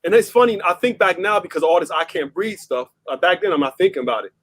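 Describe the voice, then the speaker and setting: Fast-talking New man telling a story. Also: high voice. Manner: animated, laughs often, many fillers and restarts. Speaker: discussion panelist. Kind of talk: casual storytelling chat.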